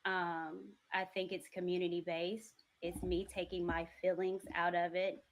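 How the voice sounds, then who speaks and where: A woman with a Southern US accent, a content creator speaking in a measured, earnest way on a panel discussion. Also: lowish voice, little pitch movement.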